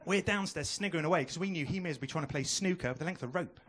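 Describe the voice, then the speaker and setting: A young man doing a stand-up comedy set on a club stage, chatting with the crowd through a handheld mic and throwing in quick asides. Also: a little high, a bit bright, slight background noise.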